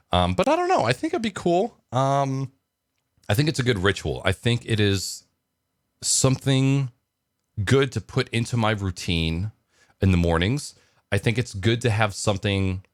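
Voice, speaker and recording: A man's voice: lowish voice, no room sound, studio quality. A man telling a joke and chatting casually in a morning vlog, rambling with lots of fillers. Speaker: vlogger.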